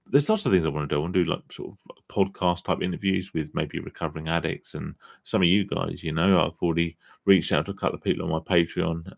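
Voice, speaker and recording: Tired, gravelly deep-voiced man. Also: no echo, studio quality. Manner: chatty, self-deprecating, swears casually. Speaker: live-stream host on gambling recovery. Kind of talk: casual live-stream chat reading viewer comments.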